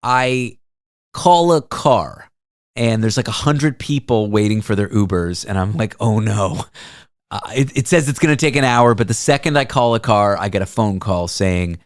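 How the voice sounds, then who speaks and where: Animated male host telling a story. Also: on the low side, moderate pace, clean tone, no room sound, clean studio sound. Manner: animated, self-deprecating anecdote telling. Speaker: radio show host. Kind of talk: casual storytelling chat.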